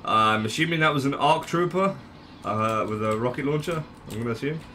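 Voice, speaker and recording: A young man giving casual gameplay commentary, unhurried, swearing and laughing at his own plays. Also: mid-range voice, bright, forceful tone, a little hiss or hum. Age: young adult. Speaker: gaming channel host.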